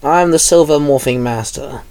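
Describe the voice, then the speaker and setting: Formal solemn knight, man reading, measured and steady, dry sound. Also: on the high side, no room sound, lightly acted. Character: solemn male knight, the Silver Morphing Master.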